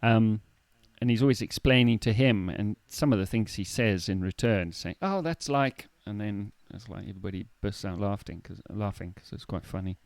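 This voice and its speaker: Smooth, low-voiced male podcast co-host. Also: steady tone, darkish tone, dry recording. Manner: explains words slowly with definitions and quotes. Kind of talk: casual chat about word meanings.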